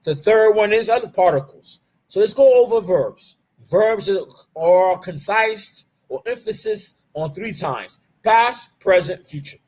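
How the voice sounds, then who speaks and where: High, husky-voiced man teaching grammar. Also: lively intonation, darkish tone. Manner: asks the class rhetorical questions, then answers them; repeats key terms slowly and drills them. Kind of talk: live online class lecture.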